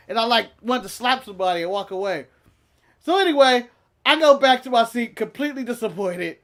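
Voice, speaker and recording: Animated, profane storytelling man. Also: extremely high pitch, fairly quick. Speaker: podcast co-host. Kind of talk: casual storytelling chat.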